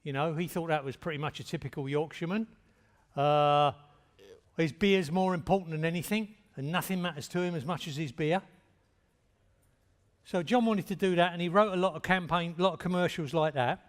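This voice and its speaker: An older man giving a talk in a plain, direct storytelling manner. His voice sits a little high for a man. The sound rings with the long reverb of a large hall. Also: moderate pace. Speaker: speaker at a talk. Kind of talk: anecdotal lecture.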